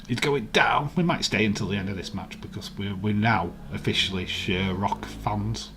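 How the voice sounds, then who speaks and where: A man's voice: fairly low pitch, moderate pace, background noise. A man with a Yorkshire accent, hosting a live watch-along stream and chatting casually, teasing viewers in the chat. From England.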